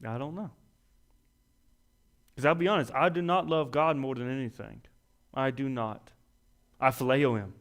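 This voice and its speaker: A man's voice: mid-range voice, normal speed, pauses often, a bit bright. A young man preaching a sermon in a folksy, self-deprecating way, rising to emphatic peaks.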